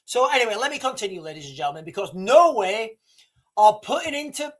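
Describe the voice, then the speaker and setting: A man in his thirties from the United Kingdom, hosting a casual livestream. His pitch swings widely and lively as he rambles along, often calling his viewers guys and wandering off on loose asides. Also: fairly quick. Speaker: livestream host.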